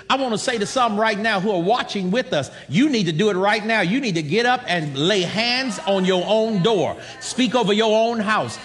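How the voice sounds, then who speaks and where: An American man preaching a sermon with emphatic delivery that breaks into shouts and laughter. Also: sits high, big-room sound. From United States.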